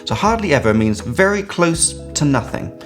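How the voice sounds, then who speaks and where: Upbeat English teacher from England. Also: male voice, a little high, soft background music. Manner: lively, drawn-out stress on key words. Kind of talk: explaining grammar to learners.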